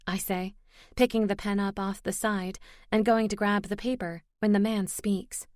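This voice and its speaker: A woman's voice: medium pitch, steady tone, unhurried, no echo, studio quality. A woman reading a first-person fantasy romance audiobook expressively, lifting her voice for dialogue. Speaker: audiobook narrator.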